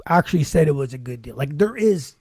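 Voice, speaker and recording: A man, loudly telling stories on a casual podcast and acting out the dialogue. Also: fairly high pitch, animated, fast, husky. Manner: loud storyteller, acts out dialogue, swears often. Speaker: podcast host.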